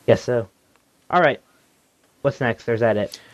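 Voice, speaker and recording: A man's voice: mid-range voice, slow pace, fairly bright tone, highs cut off. Laughing man co-hosting a gaming podcast. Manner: laughs often, reads listener comments aloud. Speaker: podcast co-host. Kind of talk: casual gaming news chat. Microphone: headphones and desk mic.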